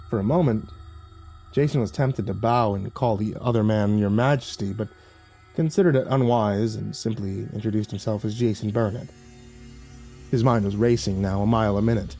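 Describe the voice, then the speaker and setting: Man, horror story narrator, measured delivery, mellow dark tone, faint background music. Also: fairly low pitch.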